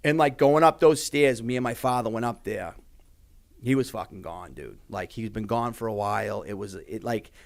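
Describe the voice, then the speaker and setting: A man's voice: on the low side, moderate pace, gravelly. A young man, a podcast guest in casual talk, rambling with many fillers and heavy swearing.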